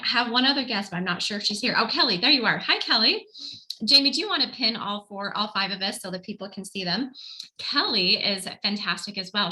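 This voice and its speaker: A woman hosts a casual online panel over a video call, chatty and enthusiastic, often stopping to correct herself. Her voice is bright and forceful, with a middle pitch. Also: poor audio. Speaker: host.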